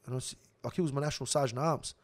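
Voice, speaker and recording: A young Australian man telling a story as a podcast guest, profane, animated and swaggering. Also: medium pitch, very fast. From Sydney, Australia. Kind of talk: casual storytelling.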